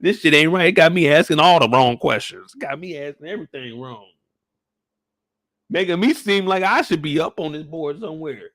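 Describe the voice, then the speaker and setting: A man hosting a casual, joking recap of a TV episode, animated and profane. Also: a little high, normal speed, no echo, clean studio sound. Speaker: YouTube show recap host. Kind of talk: casual comedic commentary.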